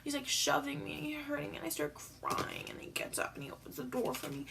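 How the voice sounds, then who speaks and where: A woman's voice: high voice, fairly quick, creaky, hardly any pauses, over music. A teenage girl talking casually on her vlog, rambling with lots of fillers and sounding teary after crying. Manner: rambling, filler-heavy storytelling. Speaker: vlogger.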